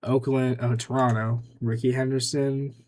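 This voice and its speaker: A man's voice: medium pitch, little pitch movement, moderate pace, darkish tone. A young man giving casual gameplay commentary, muttering offhand, dry remarks to himself as he makes picks. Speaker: gaming YouTuber.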